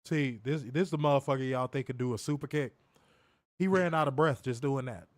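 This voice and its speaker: A man co-hosting a casual live stream, talking loudly and profanely and teasing his viewers. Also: medium pitch, brisk, no room sound, studio quality. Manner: loud, profane, teasing banter addressing viewers. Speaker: co-host of a wrestling review stream.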